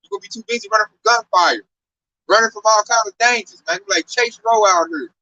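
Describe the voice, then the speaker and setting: A man preaching on a downtown street in an animated, slangy, exclamatory way. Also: sits high, fast, recorded from a distance, lo-fi sound, a little hiss or hum.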